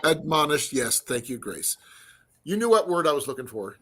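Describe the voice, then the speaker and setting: A man's voice: medium pitch, very animated, normal speed, fairly bright tone, breathy edge. A man hosting a casual livestream chat, joking around and sometimes hunting for the right word. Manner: joking, searching for words. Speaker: livestream host.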